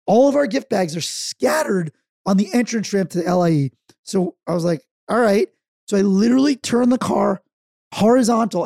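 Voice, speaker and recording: A man tells stories on a casual podcast. His voice is gravelly and husky with a dark tone, and he acts out quotes loudly. The sound is dry and close. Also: high voice, no room sound. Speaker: podcast co-host. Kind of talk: casual chat, storytelling.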